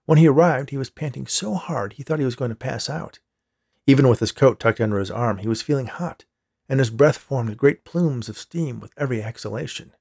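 Husky, gravelly male storyteller. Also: mid-range voice, fairly quick. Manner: steady storytelling delivery. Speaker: story reader. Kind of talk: audiobook narration.

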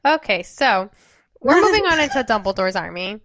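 A woman's voice: on the high side, sing-song, normal speed, a bit bright, no echo. A young woman co-hosting a podcast, chatting casually with friends and filling her talk with "like". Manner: chatty, uses "like" often. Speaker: podcast co-host.

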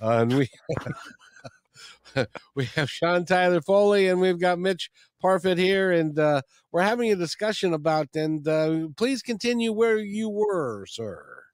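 A man's voice: high voice, lively intonation, a little slow, no room sound, studio quality. A man hosting a talk radio show, in loose, laughing banter as he brings the guest back in.

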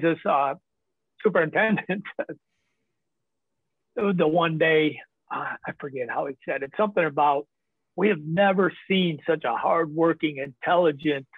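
A guest on a podcast, this northern US man has a slightly high voice and spins casual, meandering stories. He often chuckles and curses, and the line is dry and tinny like a phone, with no echo.

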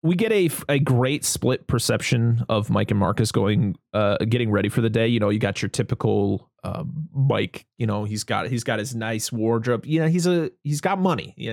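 A man's voice: mid-range voice, darkish tone, no echo, studio quality. A man chatting casually as a podcast host, recapping a film, laughing often and acting out the characters' lines. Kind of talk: casual chat.

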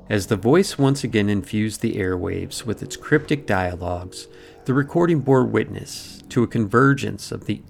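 Gravelly man narrating a mystery. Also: medium pitch, darkish tone. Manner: dramatic, ornate storytelling. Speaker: podcast host. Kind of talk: scripted narration. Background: faint music.

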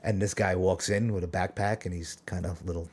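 A man's voice: deep voice, steady tone, fairly quick, slightly rough. A man, telling a rambling story in casual chat on a podcast, often restarting and chuckling. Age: 40s. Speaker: podcast co-host.

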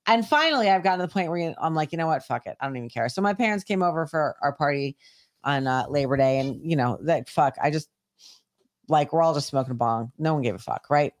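Lady podcast cohost, kinda low voice, swears a lot telling stories. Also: a little fast, dry recording, studio quality. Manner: profane, animated storytelling. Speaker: podcast co-host. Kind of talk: casual chat.

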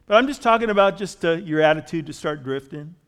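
A man's voice: fairly high pitch, animated, fast talker, fairly bright tone, clean tone. A man preaching a sermon in a conversational way, growing emphatic as he reads and explains scripture. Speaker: pastor.

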